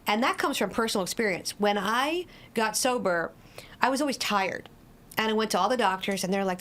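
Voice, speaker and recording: A woman's voice: mid-range voice, expressive, brisk, a bit bright. Blunt, no-nonsense woman addiction coach. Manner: direct, no-nonsense, explains with everyday examples. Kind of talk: podcast interview.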